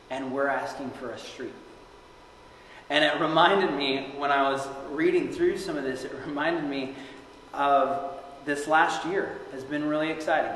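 A young man preaching a sermon in earnest, reading scripture and rising to loud cries as he acts out the quotes. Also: medium pitch, a little hiss or hum. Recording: very echoey hall with long reverb.

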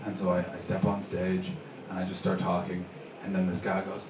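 A stand-up comedian from Canada tells a story on a club stage, now and then shouting out the lines of the people in it. His voice comes from some distance in a roomy live space. Plenty of noise sits behind him. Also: deep voice, completely flat delivery, brisk. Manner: storytelling, acts out characters with shouted bits.

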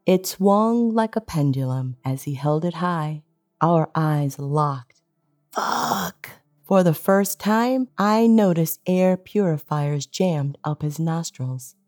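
Low-voiced woman narrating an audiobook. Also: warm tone. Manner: tense, dramatic first-person storytelling.

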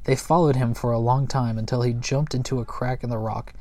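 A man reading a children's book aloud in a gentle, unhurried way, with small slips and chuckles. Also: medium pitch, steady tone. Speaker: storyteller.

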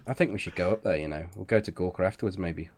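A man's voice: sits low, racing, darkish tone. A man co-hosting a podcast, chatting casually and teasing his partner while they play a game. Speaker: podcast co-host. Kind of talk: casual chat while gaming.

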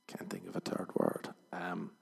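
Gravelly man rambling comic monologue. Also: low voice, normal speed. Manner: rambling, deadpan, jumps into loud mock voices. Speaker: podcast host.

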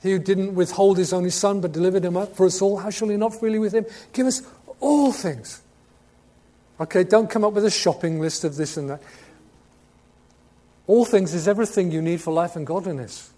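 Man, sermon, warm tone, emphatic, questions to congregation. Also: sits high, fairly quick. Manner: emphatic, swings between loud urgent stress and quiet asides. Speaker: preacher.

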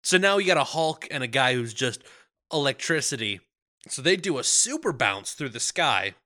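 A man's voice: mid-range voice, big pitch swings, normal speed, pushed and bright. A man co-hosting a casual movie podcast, recapping plot and laughing often. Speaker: podcast co-host. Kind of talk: casual comedic movie chat.

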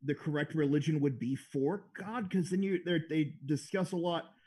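A man in a relaxed podcast chat who rambles through explanations with many fillers and restarts. His voice sits slightly high. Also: normal speed, breathy edge. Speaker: podcast co-host. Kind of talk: casual chat.

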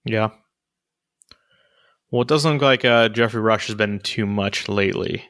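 A man's voice: lowish voice, a little slow, fairly bright tone. A man co-hosting a casual movie chat, rambling with lots of fillers and restarts. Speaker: podcast co-host reviewing movies.

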